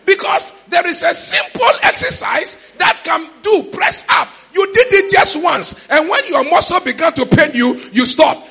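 High, gravelly Ghanaian preacher shouting. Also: male voice, very animated, measured pace. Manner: shouting, sing-song preaching with sudden high cries. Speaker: pastor. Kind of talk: sermon. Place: church.

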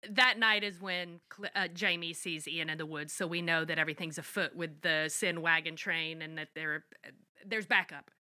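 A woman's voice: on the low side, fairly even intonation, normal speed, pushed and bright. A woman co-hosting a podcast, recapping plot points in wry, blunt, casual chat with some swearing. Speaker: podcast co-host.

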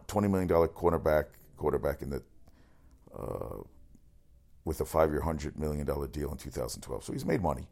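A man running through sports news as a radio host, rambling, excitable and swearing often. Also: a bass voice, gravelly. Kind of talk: casual sports news rundown.

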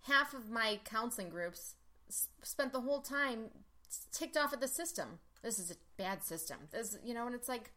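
A woman's voice: a little high, animated, normal speed, pushed and bright. A woman in casual conversation, telling stories animatedly with lots of "like" fillers. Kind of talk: casual chat.

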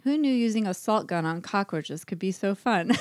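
A woman's voice: mid-range voice, darkish tone, dry recording, studio quality. A woman co-hosting a writing podcast, chatting casually, gushing and giggling, and reading her short story aloud. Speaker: podcast co-host.

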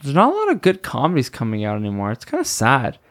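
A man's voice: medium pitch, wildly swooping pitch, quick pace, a bit bright. A man hosting a solo podcast, rambling casually, laughing often and stopping to search for names. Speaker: podcast host.

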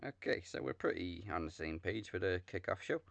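A man hosting a casual podcast chat, relaxed and rambling, laughing often. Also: low-pitched, a little fast, creaky, no room sound. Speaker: podcast host. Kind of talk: casual chat, wrestling predictions.

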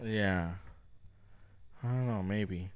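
A man's voice: on the low side, drawn-out words, crowd noise. A man, co-hosting a podcast in casual, rambling chat and swearing freely. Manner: laid-back, rambling storyteller, swears freely. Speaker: podcast co-host.

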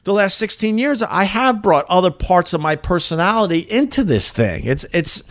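In a high, animated, somewhat bright voice at normal speed, a middle-aged man hosts his own podcast, going through social media posts in a casual, profane, rambling monologue with big emphatic swings. He used to be a shock jock on radio.

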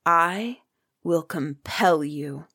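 A woman reading aloud, voicing a proud, quick-tempered king who speaks in a commanding, impatient way. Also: deep voice, fairly bright tone, dry recording, clean studio sound, full character voice. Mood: imperious.

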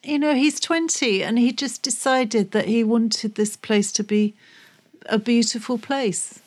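A woman's voice: fairly high pitch, a little slow. A woman co-hosting a chatty podcast, telling an upbeat news story with enthusiasm. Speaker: podcast co-host. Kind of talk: casual radio-style chat.

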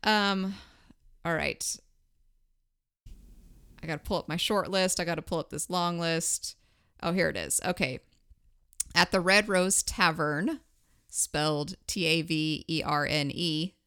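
An upbeat woman co-hosting a casual food podcast, sharing her opinions in a lively way. Her voice is bright and crisp, smooth and clear, and sits a little low for a woman. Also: a little slow, long pauses, dry recording, clean studio sound. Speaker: podcast co-host. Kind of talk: casual chat.

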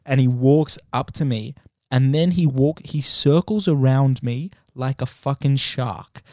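Animated man telling a story. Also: mid-range voice, a little slow, dry recording, studio quality. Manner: animated, swears freely, acts out the story. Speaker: podcast host. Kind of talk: casual chat storytelling.

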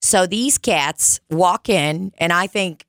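A young adult woman chatting casually on a podcast, telling profane, animated stories with mocking put-on voices. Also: on the low side, takes it slowly, no room sound, studio quality. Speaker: podcast co-host, bartender. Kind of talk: casual chat.

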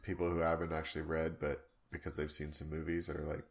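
A man's voice: very deep voice, monotone, fast talker. A man co-hosting a podcast in casual chat, easygoing and teasing. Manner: easygoing, laughs often, teasing. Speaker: podcast co-host.

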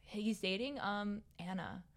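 A woman's voice: medium pitch, a little slow. A young woman co-hosting a casual podcast, gossiping and laughing often. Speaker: podcast co-host. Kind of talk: casual chat.

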